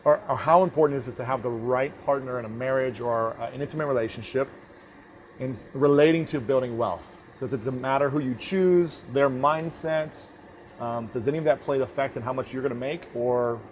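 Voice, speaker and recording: A man interviewing a guest, asking slow, deliberate questions and affirming often. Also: mid-range voice, slight background noise.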